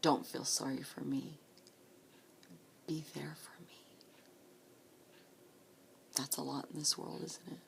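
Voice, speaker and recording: A woman in her late forties speaking slowly and softly in a personal vlog, often close to a whisper, holding back tears. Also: low voice, level tone, gravelly. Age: 40s. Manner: slow, soft-spoken, often near a whisper, earnest. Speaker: vlogger.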